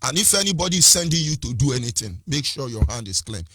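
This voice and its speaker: Fiery Nigerian man with a husky voice. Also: medium pitch, sing-song, fast talker, a bit bright, dry recording, clean studio sound. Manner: fiery, rhetorical, repeats phrases, switches into Igbo and Pidgin. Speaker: activist speaker. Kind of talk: impassioned political address.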